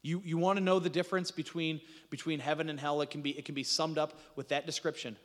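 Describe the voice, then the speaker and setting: A man preaching a sermon, dramatic, acting out quoted voices and dropping to a hushed intensity. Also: fairly high pitch, little pitch movement, fast talker, long reverb tail.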